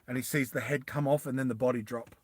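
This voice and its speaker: A man narrating a tabletop game as game master, in an animated, rambling storytelling style. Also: mid-range voice, fast talker, slightly rough, no echo.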